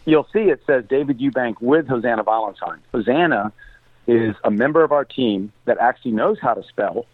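A man's voice: medium pitch, animated, moderate pace, no room sound. A middle-aged American man telling a story earnestly as an interview guest, devout in his speech. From United States. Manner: earnest, devout, prays aloud. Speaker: guest, humanitarian aid worker. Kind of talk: storytelling in a conversation. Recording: tinny phone-like line.

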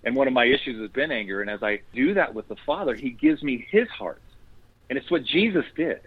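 A man's voice: mid-range voice, animated, brisk, breathy edge, dry recording. A man speaking as a guest in a faith conversation, earnest and preacherly, quoting scripture as he explains. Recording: tinny phone line, dry.

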